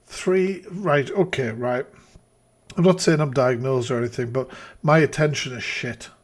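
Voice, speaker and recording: A man's voice: medium pitch, unhurried. Exasperated, swearing streamer man. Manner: exasperated, profane ranting. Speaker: live-stream reaction host. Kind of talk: casual live-stream commentary.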